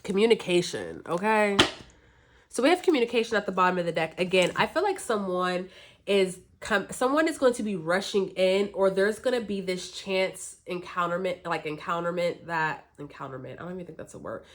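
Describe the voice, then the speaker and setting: A woman from the northern US East Coast gives her viewers a loose, chatty tarot reading packed with fillers and asides. Her voice is mid-range and her speed normal.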